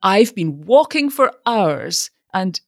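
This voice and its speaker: A man's voice: high-pitched, sing-song, slow, no echo, studio quality, voice pushed up, exaggerated voice. A woman playing a pompous fussy old ironmonger. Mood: lofty, fussy. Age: older. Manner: lofty, fussy, self-pitying. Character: fussy pompous retired ironmonger, older man.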